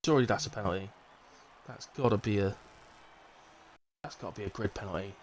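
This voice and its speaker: A man's voice: fairly low pitch, brisk, a little hiss or hum, rough recording. A man with a Bristolian accent giving live, casual commentary on a racing league, chatty and rambling as he fills the gaps with asides. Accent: Bristolian English. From Bristol, England.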